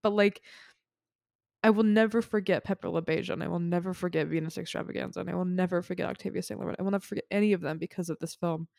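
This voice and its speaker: Fairly low-pitched, gravelly and a little mellow, this podcast co-host talks fast in a steady tone. She's crying and sniffling while rambling earnestly about a beloved film, in clean studio sound with no echo.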